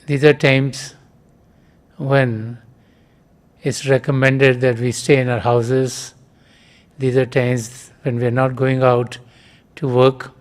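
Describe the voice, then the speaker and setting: A man giving a spiritual talk as a teacher, measured, pausing often with soft fillers. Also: mid-range voice, level tone. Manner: measured, with frequent pauses and fillers.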